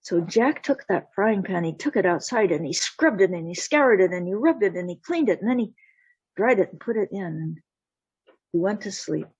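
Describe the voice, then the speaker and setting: A woman storyteller telling a folktale slowly and deliberately, voicing the sound effects herself over a video call. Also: mid-range voice, expressive, a little mellow, breathy edge, dry recording. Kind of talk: told folktale. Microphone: video call mic. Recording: dull lo-fi call audio.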